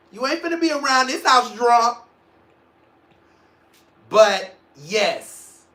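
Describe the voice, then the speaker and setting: Podcast host, man in his forties, sassy and playful, sharp-edged tone, echoey room. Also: high voice. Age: 40s. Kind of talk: casual video podcast monologue.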